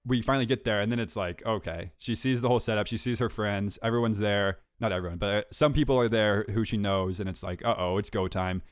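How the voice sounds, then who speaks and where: A young man co-hosting a podcast, telling a story in a lively, self-mocking way and laughing often. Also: on the low side, quick pace, hardly any pauses, no room sound, studio quality. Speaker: podcast co-host. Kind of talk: casual chat, storytelling.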